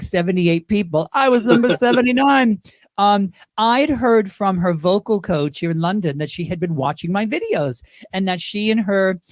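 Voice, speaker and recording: This high-pitched man, a drag performer and impersonator, spins stories during a casual interview captured in clean studio sound with no echo. Chatty and lively, he keeps slipping into voices.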